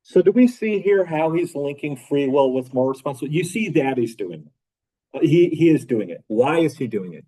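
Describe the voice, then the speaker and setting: A man's voice: on the high side, expressive, fairly quick, mellow, slightly rough, low-quality recording. A man teaching a philosophy class in a casual lecture style, asking the students rhetorical questions and repeating his key phrases. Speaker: philosophy professor.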